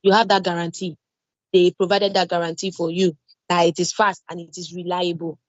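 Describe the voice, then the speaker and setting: In this online training lecture on cloud security, a woman with a Nigerian English accent speaks briskly in a fairly low, flat voice. She goes back over key points and uses everyday examples to reassure. The audio is dull and echo-free.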